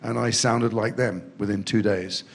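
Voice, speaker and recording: A middle-aged man from England talks in a fairly low voice as a guest in an interview. He tells long, rambling stories and pokes fun at himself as he goes. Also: steady tone, normal speed, creaky. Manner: rambling self-deprecating storytelling. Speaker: guest actor. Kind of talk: in-depth interview conversation. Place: festival stage before a student audience.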